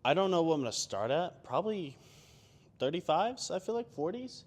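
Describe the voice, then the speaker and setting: A man's voice: fairly high pitch, sing-song, normal speed. Rambling young man vlogging at the gym. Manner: rambling, full of fillers, self-deprecating. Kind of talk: casual chat between gym sets.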